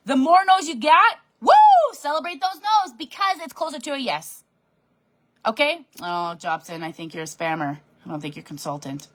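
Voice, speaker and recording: A woman leading her sales team in a bubbly, animated live-stream pep talk from her home office desk, reading and answering comments as she goes. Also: high-pitched, normal speed. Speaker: direct sales team leader.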